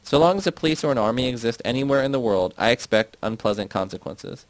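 A man's voice: mid-range voice, animated, quick pace, dry recording, lightly acted. A man playing an earnest, defensive young idealist. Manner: earnest, argumentative explaining.

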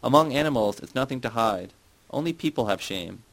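A man's voice: medium pitch, lively intonation, brisk, vocal fry, a bit bright, rough recording. A man reading the part of a drunk young woman who insists and pleads. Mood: insistent.

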